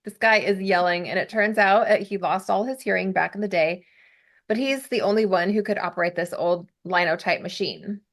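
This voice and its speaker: A woman's voice: mid-range voice, moderate pace. A young adult woman hosting a podcast, recapping a TV episode in casual chat with giggly asides. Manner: chatty, giggly, narrates plot with asides.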